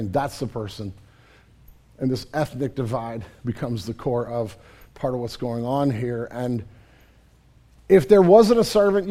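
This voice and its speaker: Retelling the story vividly for his congregation, a male pastor delivers his sermon in an easygoing, conversational style. His voice is high-pitched, warm, and relaxed.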